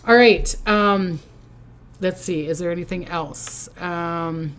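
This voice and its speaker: A woman's voice: fairly low pitch, slow, slight background noise. An older woman with a Minnesota accent, hosting her own livestream as a psychic and chatting casually through viewer comments in a rambling way. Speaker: psychic host.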